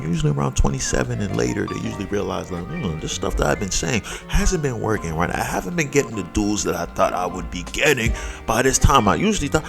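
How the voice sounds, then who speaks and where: A man casually reacting to a video clip with jokey, animated commentary, now and then jumping into high mocking voices. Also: quick pace, gravelly, music in the background.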